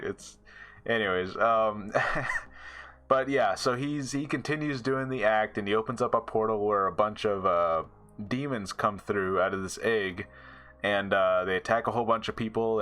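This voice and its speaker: A man reviewing an episode in loose, rambling chat, full of fillers and quick laughs. His voice sits a little low yet sounds bright and forward. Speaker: show reviewer.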